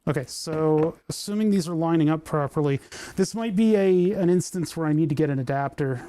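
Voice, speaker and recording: A man's voice: fairly high pitch, fairly quick, warm tone, clean tone. A man chatting casually while tinkering in his workshop, rambling and self-amused, recorded on a lapel microphone. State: hiccuping. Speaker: maker streaming a workshop project. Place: indoor workshop.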